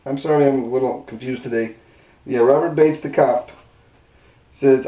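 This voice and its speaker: A man's voice: steady tone, normal speed. Indignant man ranting in a roomy room. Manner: indignant, rambling, with restarts and raised pitch when quoting. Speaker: video commentator. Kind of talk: angry unscripted commentary. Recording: roomy, distant, dull lo-fi sound.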